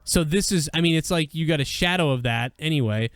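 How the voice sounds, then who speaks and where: A man's voice: a little high, fairly quick. A man hosting a casual review chat and joking in crude banter.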